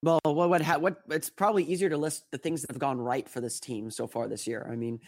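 A man's voice: fairly high pitch, steady tone, fast talker, dry recording. A man being interviewed about basketball, recovering from an illness, talking with frequent restarts and hesitations. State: recovering from illness, slight cough. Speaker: podcast guest, team analyst. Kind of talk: casual interview answers.

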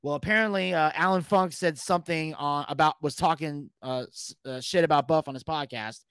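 A man's voice: a little high, brisk, clean tone, no room sound. A man telling a long story on a podcast as a guest, casually and with plenty of swearing, acting out what people said. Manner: animated, profane, acts out quotes.

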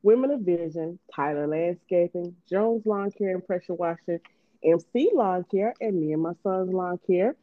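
A woman's voice: on the low side, dry recording. Female podcast host, giggly and chatty, dry dull recording. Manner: bubbly, laughs often, talks fast when excited. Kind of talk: casual book podcast chat.

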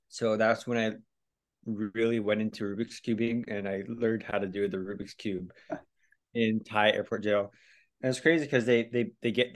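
A young man from Hawaii, a podcast guest telling stories casually, laughing often, swearing and acting out the lines of others. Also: fairly low pitch. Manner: animated, laughing, swears often, acts out quotes. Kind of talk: casual storytelling.

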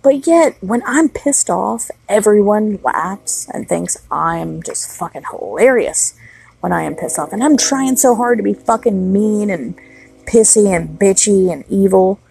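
A woman's voice: medium pitch, lively intonation, measured pace, gravelly, darkish tone, rough recording. A woman in her thirties, a mother, talking outdoors at night in a blunt, heavily profane, rambling solo vlog monologue. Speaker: mother of young children.

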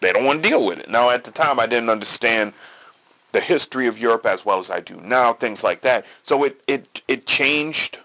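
Gravelly, lively-voiced man hosting a podcast. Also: medium pitch, normal speed. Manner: storytelling with quoted dialogue, repeats and restarts. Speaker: podcast host. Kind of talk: casual political monologue.

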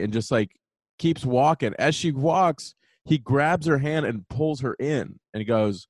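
A man's voice: mid-range voice, measured pace, no echo. A man hosting a podcast, telling a story in a heated, profane casual rant. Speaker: podcast host. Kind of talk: casual ranting monologue. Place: New York.

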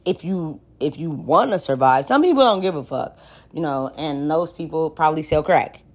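A woman hosting her own podcast, chatting frankly and joking with plenty of swearing. Her voice sits on the lower side. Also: animated, moderate pace. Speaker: podcast host. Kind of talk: casual solo podcast talk.

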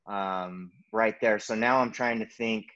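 A man's voice: lowish voice, steady tone, a little slow, fairly bright tone. Matter-of-fact man on dull audio. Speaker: podcast guest. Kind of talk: casual chat.

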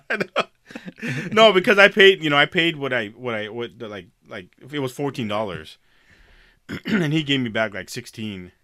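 A man's voice: fairly high pitch, very animated, measured pace, pauses often, pushed and bright, no room sound. A man on a podcast telling a story in a casual chat, profane and laughing often. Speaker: podcast co-host.

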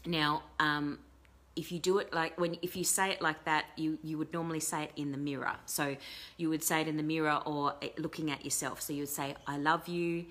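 Low-voiced woman, gentle and encouraging. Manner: gentle, encouraging, reads out viewer comments; rambling with many fillers. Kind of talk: casual live-stream talk.

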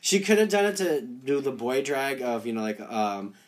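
A man's voice: mid-range voice, moderate pace. A man in casual conversation as co-host of a show recap. He talks in an easygoing way, with fillers and half-finished thoughts.

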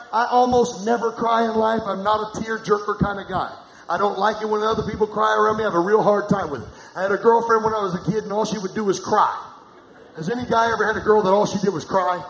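A middle-aged man preaching a sermon, calling on the congregation to answer back. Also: high-pitched. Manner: preaching with call-and-response to the congregation. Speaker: pastor. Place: large church hall. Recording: echoey church hall with noise.

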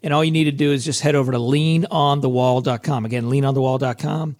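A middle-aged man with a hoarse, scratchy voice, hosting a casual solo podcast in a chatty, self-deprecating way. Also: medium pitch, steady tone, fast talker, darkish tone. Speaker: podcast host.

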